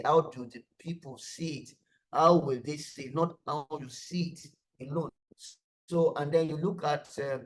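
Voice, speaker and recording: A man's voice: a little high, a little hiss or hum, low-quality recording. A man presenting an online lesson on design thinking, explaining step by step and repeating key words for emphasis, over a video call. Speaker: webinar presenter.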